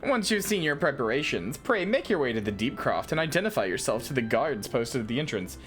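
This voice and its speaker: A woman's voice: extremely low pitch, very animated, a little fast, faint music behind, voice pushed up. Woman reading as a stern, formal male elf commander. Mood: formal, earnest. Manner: reads stiff, formal lines aloud, stumbling and correcting himself.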